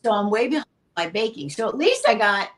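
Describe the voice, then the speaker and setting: A woman's voice: mid-range voice, animated, brisk. A woman co-host chatting casually about baking in a home kitchen, practical and a bit rambling. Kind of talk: casual chat while baking.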